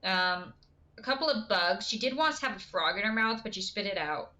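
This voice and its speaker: A woman's voice: mid-range voice, animated, moderate pace, bright, forceful tone. A woman streaming a game live, chatting casually with her viewers and giggling often. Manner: chatty, giggly, answers chat.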